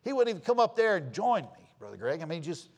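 Middle-aged male preacher, folksy storyteller, slightly high voice, dramatic loud-soft swings. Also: sing-song, quick pace, lo-fi sound. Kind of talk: sermon with storytelling.

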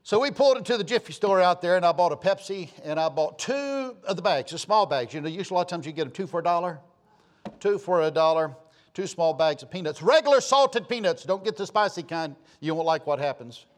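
A man with a Southern US accent preaching a sermon, telling folksy stories and swinging between loud calls and low asides. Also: lively intonation, a little fast. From Georgia, US. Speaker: pastor.

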